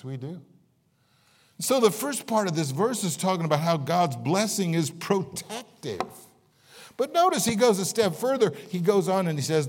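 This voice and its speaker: A man pastor delivers a sermon with a folksy, joking manner, his voice pitched a little high for a man. He swings from soft, confiding asides to louder, higher bursts. Long reverb from a large hall trails his voice. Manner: folksy, jokey preaching with swings in pitch and volume.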